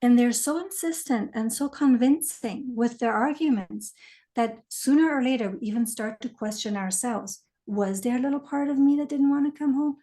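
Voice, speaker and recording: A woman being interviewed, explaining things thoughtfully and letting her lines trail off softly. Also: on the high side, normal speed. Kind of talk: conversational interview.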